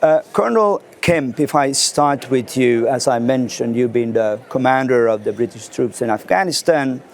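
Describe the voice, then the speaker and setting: A man hosting a formal studio interview, speaking in a measured way with halting fillers. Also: medium pitch, animated, a little hiss or hum. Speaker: interview host.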